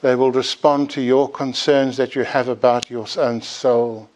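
A male preacher delivers a sermon at an unhurried, deliberate pace. His voice sits in an ordinary middle pitch. He speaks earnestly and pleads with his hearers, pressing harder as he makes his point. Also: little pitch movement, a little mellow. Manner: earnest, pleading exhortation with rising emphasis.

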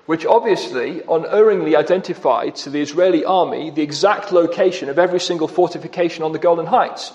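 A man preaching a sermon, emphatic, with shifts in pace and loudness for stress. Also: on the high side. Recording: long reverb of a church hall.

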